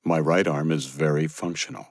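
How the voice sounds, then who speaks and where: A wry, low-voiced male captain who plays down his pain with dry jokes, as a man reads him. The voice is very deep, quiet and close, with no room sound. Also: steady tone, normal speed, no echo. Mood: wry, calm. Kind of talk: audiobook character reading.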